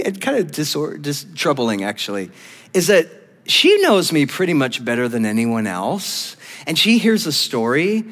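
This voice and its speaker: Animated high-voiced male pastor. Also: long reverb tail. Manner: storytelling, animated, laughs often. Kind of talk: sermon. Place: church.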